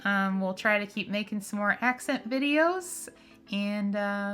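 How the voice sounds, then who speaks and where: A woman's voice: mid-range voice, measured pace, over music. A young woman with a Minnesota accent, co-hosting a casual chat, talking in a chatty way, laughing often and full of "like" fillers. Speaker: co-host.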